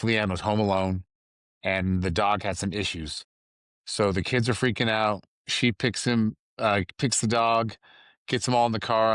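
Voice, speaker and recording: A man's voice: fairly low pitch, fairly bright tone, no echo, studio quality. A man hosting a podcast on his own, talking in a loose, rambling, conversational way with lots of asides. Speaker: podcast host. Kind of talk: casual solo chat.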